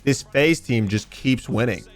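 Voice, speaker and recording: Brief: male esports panelist, mid-pitched, earnest emphatic talk, faint music under. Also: measured pace. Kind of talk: casual panel chat.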